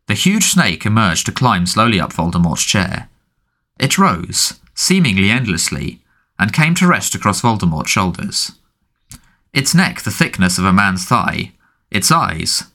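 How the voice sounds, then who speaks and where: Bright, animated male audiobook narrator. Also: fairly low pitch. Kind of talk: scripted fantasy narration.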